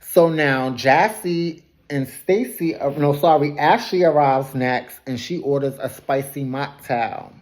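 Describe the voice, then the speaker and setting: This woman speaks in a deep, unhurried voice with a darkish tone. Laughing often, she dishes on a reality TV episode in a gossipy, offhand way, taking jabs at people. She talks loosely and fixes her own words again and again.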